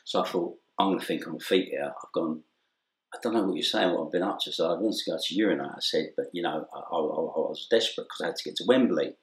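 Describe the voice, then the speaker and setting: A middle-aged Englishman, appearing as an interview guest, tells an anecdote in casual conversation, acting out the dialogue and laughing often. His voice sits low and he talks quickly. The room is echoey.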